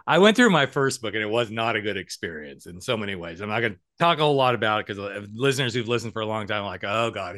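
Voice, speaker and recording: A man in his forties hosts a relaxed podcast conversation with a bright, forward voice. He tells his stories with energy, slipping into other people's voices and laughing along the way. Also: mid-range voice. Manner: animated storyteller who acts out quotes, laughs often. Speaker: podcast host. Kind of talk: casual chat.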